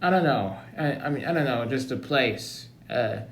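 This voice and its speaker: A man's voice: mid-range voice, expressive, normal speed, slight background noise. A young man hosting a casual comedy chat, hesitant and repeating himself often. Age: young adult. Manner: hesitant, many fillers and restarts. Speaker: host. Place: library room. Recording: echoey room.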